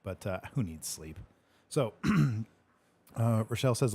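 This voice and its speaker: A man's voice: medium pitch, big pitch swings, unhurried, darkish tone, husky. A man hosting a casual livestream Q&A, joking, laughing often and swearing freely. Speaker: livestream Q&A host. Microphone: livestream microphone.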